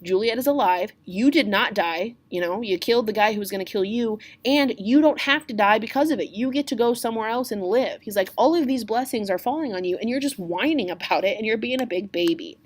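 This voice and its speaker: A woman's voice: on the high side, brisk, few pauses. A woman teacher explaining a play to students in a casual, plain-spoken way, often checking in with "okay?".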